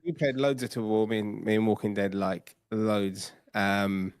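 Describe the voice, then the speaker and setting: A man's voice: fairly low pitch, little pitch movement, unhurried, clear, resonant tone, no echo. Laid-back male co-host, dry close sound. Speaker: podcast co-host. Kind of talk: casual podcast chat.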